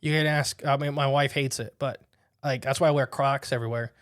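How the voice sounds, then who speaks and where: A man's voice: mid-range voice, brisk, no echo. Young man hosting a podcast, dry mic. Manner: animated storyteller, laughs while telling. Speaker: podcast host. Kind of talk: casual chat and reading listener stories aloud.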